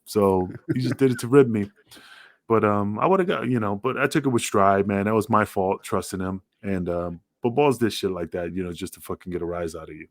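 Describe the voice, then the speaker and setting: A man's voice: fairly quick, no room sound. A man, a former wrestler, telling rambling, profane stories in a casual podcast chat. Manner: profane, rambling, acts out quotes in a higher voice.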